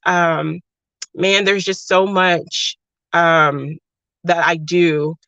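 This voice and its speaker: Affectionate woman with a lilt, gravelly edge. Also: fairly low pitch, no room sound. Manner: warm, affectionate, emotional. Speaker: livestream host. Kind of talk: casual livestream chat reading comments. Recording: dry, slightly dull lo-fi sound.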